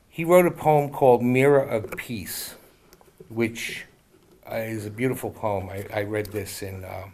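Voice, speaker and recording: Man, poem reading, unhurried, low voice, gentle, hesitant. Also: slight background noise. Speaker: writing group member reading a poem.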